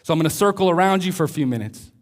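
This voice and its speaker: A helpful male freighter pilot on the radio, reassuring and slightly hesitant, as a preacher acts him out. His voice is fairly high for a man, spoken in an easy, practical way. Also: animated, rapid-fire, lightly acted.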